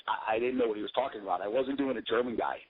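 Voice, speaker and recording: A pro wrestler guest with a lowish, husky voice talks rapid-fire on a tinny phone line. His casual storytelling rambles, swears and cracks jokes.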